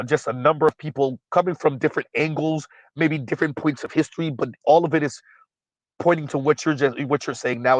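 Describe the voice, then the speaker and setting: A man's voice: medium pitch, no room sound, rough recording. Blunt, emphatic male livestream host. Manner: blunt, emphatic, repeats points; frequent um fillers while recalling names. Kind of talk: casual livestream commentary.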